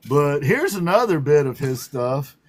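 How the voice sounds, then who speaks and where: A man's voice: fairly high pitch, sing-song, unhurried. A man with a Southern drawl hosting a livestream talk show, playful and teasing and laughing often. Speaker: host.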